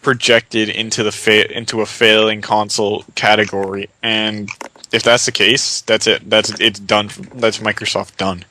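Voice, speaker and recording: Opinionated male podcast host, bright tone. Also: on the low side, flat delivery, a little hiss or hum, poor audio. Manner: opinionated, quick restarts. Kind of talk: casual gaming podcast chat.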